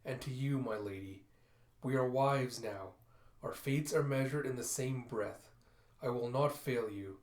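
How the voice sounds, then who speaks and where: A stern, proud female warlord, as a man reads her, speaking slowly and gravely in a low, quiet voice. The echoey room lingers on each word. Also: natural voice.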